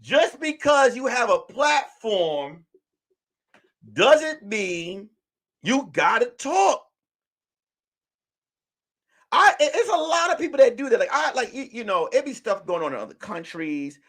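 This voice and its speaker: A man's voice: very high-pitched, big pitch swings, measured pace, fairly bright tone. A man hosting a casual livestream commentary, joking and acting out quotes in mock voices. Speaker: livestream host.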